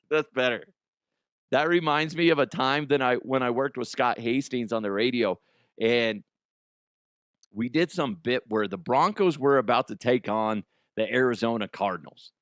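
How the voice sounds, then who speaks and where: A man's voice: medium pitch, normal speed, a bit bright, no room sound, clean studio sound. A man hosting a comedy news show, chatting casually, swearing and laughing often at himself. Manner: laughs often, profane, self-mocking.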